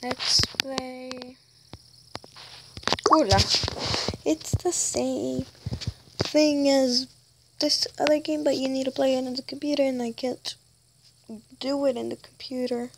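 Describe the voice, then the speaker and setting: Female gamer host, high and a bit fried, unhurried, excitable chatter over gameplay. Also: vocal fry, background noise. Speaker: gaming channel host. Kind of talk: gameplay commentary.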